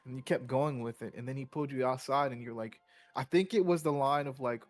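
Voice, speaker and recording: A man's voice: medium pitch, brisk, no echo, soft background music. A man who plays in a tabletop game, earnestly explaining his feelings in a rambling, hesitant way. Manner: earnest, rambling, searching for words. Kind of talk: casual recap chat.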